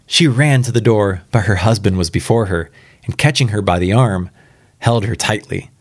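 A man's voice: lowish voice, normal speed, dry recording, clean studio sound. A man reading a spooky story aloud for the first time, casual and reacting aloud between passages. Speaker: reader.

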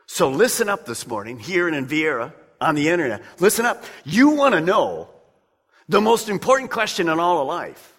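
A man preaching from the pulpit in a lively, swooping voice, calling on his listeners directly. His tone is bright and forceful. Long reverb from a large church sanctuary trails every phrase. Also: a little high, normal speed, breathy edge. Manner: emphatic, conversational preaching with direct appeals to listeners. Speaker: pastor. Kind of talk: sermon.

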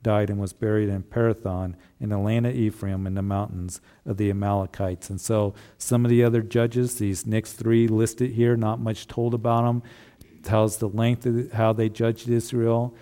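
A man's voice: fairly low pitch, level tone, normal speed, mellow. A man preaching a sermon as pastor, in a conversational way with rhetorical tag questions.

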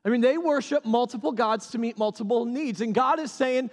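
Pastor guy preaching, kinda high voice, repeats stuff a lot, lots of hall echo. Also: a little fast, few pauses. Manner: animated, repeats key phrases for emphasis. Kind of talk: sermon.

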